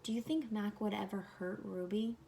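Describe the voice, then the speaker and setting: Lady doing a sweet worried little girl, earnest, slight rasp. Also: mid-range voice, fairly even intonation, moderate pace, dark tone, natural voice. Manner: earnest, pleading. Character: young girl, caring and worried.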